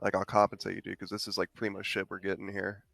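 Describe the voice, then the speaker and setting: Bright-voiced man in animated gaming talk. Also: low voice, fast talker, gravelly. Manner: animated storytelling, loud when quoting his own shouts. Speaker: competitive player co-hosting a match review stream. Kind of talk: casual chat.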